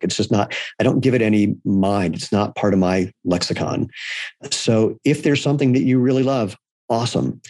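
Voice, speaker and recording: A man with a fairly low voice speaks as a podcast guest. He is blunt and irreverent and tells stories in a relaxed, conversational way. The sound is dry and close to the mic. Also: dry recording. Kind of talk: casual conversation.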